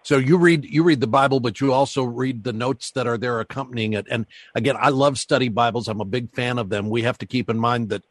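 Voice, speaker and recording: A man hosting a call-in radio show, talking callers through ideas and slowing down to stress words as he teaches. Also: mid-range voice, steady tone, dry recording. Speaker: radio host.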